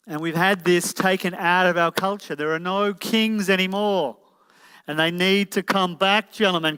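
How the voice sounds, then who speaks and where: A man gives a motivational relationship seminar to a live audience, asking the room direct questions and calling for shows of hands. His voice is fairly high, pushed and bright, and the hall sounds echoey.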